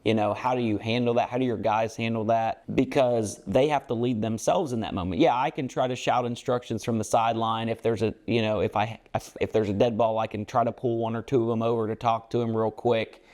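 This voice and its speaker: A man's voice: mid-range voice, fairly even intonation, a little fast, hardly any pauses, darkish tone. Earnest rambling man coaching talk. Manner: earnest, rambling, many fillers and restarts. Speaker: basketball coach and show co-host. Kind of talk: casual podcast chat.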